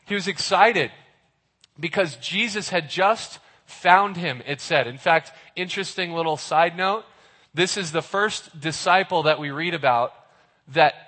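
A man giving a casual sermon, animated and acting out the dialogue of the people in his story. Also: fairly high pitch. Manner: animated, acts out the characters' dialogue. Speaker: youth pastor. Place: church hall. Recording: reverberant hall.

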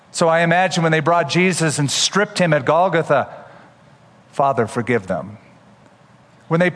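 A man's voice: on the high side, fairly bright tone, in a large hall. A man preaching a sermon as pastor, explaining scripture with humorous asides.

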